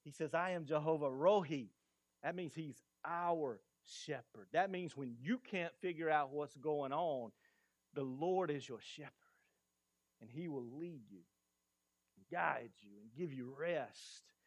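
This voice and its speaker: A man preaching a sermon as pastor, lively and quizzing the congregation. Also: a little high, a little slow, no room sound, clean studio sound.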